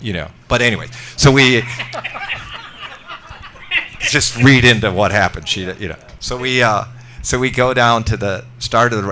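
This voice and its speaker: Middle-aged male guest, rambling storyteller, bright low-ish voice, faint hiss. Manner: rambling, self-interrupting anecdotes. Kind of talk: casual storytelling.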